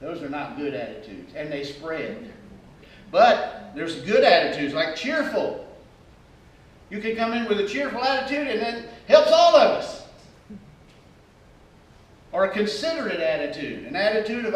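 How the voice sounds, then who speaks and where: A male pastor preaching a sermon, animated and humorous, acting out the attitudes he describes. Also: sits high, moderate pace, long pauses. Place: church sanctuary. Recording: echoey church hall from far off.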